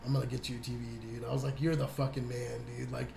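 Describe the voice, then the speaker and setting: A man's voice: mid-range voice, little pitch movement, fast, gravelly, darkish tone. A young man co-hosting a podcast in a laid-back, swear-filled way, always calling people dude and dog. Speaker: podcast co-host. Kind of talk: casual chat. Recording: echoey room with faint noise.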